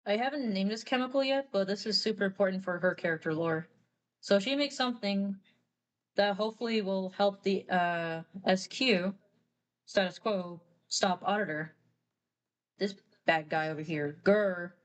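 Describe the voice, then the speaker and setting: A woman artist on a live stream, explaining story lore in a chatty, rambling way, often correcting herself. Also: medium pitch. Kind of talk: casual live-stream chat.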